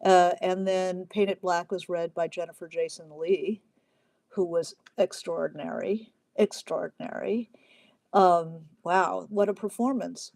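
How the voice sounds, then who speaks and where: Chatty woman with a gravelly low voice. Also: fairly even intonation, measured pace, hardly any pauses, a little mellow, dry recording. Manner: chatty and digressive, many fillers. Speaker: novelist hosting a writing Q&A livestream. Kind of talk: casual livestream talk.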